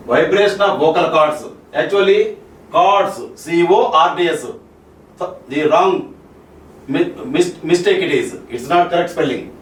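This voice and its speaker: A man with an Indian English accent giving a classroom lecture on spoken English, repeating each point and checking with "Okay?" and "Clear?". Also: fairly high pitch, a little hiss or hum. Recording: roomy echo, mic far off, faint ambience.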